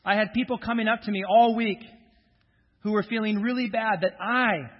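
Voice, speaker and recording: A fairly high-voiced male pastor giving a sermon in a church sanctuary, trading light self-deprecating jokes with his congregation before reading from scripture. His voice rings with a long hall reverb, and the recording sounds somewhat dull and muffled. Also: fairly even intonation, normal speed.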